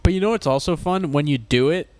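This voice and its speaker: A young man with a fairly high voice rambles through his thoughts, breaking into giggles and meandering between points. He co-hosts a comedy chat show with a loose, playful delivery. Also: quick pace, darkish tone. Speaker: co-host. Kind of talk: casual comedic banter.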